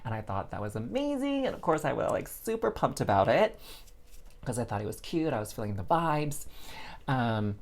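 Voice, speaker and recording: A man's voice: medium pitch, normal speed, gravelly. A man giving a casual, chatty tarot reading, talking straight to his listeners like friends. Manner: chatty and expressive, addresses listeners as girl and y'all. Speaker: tarot reader.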